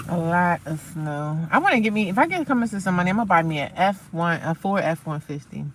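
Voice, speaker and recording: Sitting in her parked car, a woman livestreams and rambles casually, repeating herself and calling her viewers y'all and honey. Her lowish voice is animated and fast, and the phone camera recording carries slight background noise.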